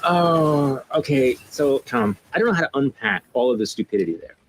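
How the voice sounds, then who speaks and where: A man hosting a political talk show, guiding the discussion in a brisk, sardonic way. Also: mid-range voice, expressive, noisy background. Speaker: host.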